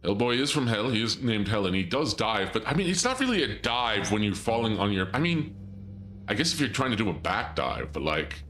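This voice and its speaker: A man's voice: fairly low pitch, sing-song, a little fast, a bit bright, slight background noise. A man streaming a video game, rambling and joking through casual commentary. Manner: jokey, rambling, self-interrupting. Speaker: gameplay streamer.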